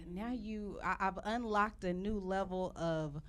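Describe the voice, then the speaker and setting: A woman's voice: mid-range voice, slow pace, a bit bright. A woman, doing brash, profane live stand-up comedy. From Texas, USA. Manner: brash, profane, punchy storytelling. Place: stage at a live comedy show. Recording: live room with crowd and noise. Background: audience laughing and reacting.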